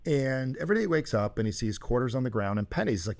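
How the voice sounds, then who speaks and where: A man's voice: medium pitch, sing-song, quick pace, vocal fry. Emphatic man coaching a caller. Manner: emphatic, rising to loud bursts. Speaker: host and coach.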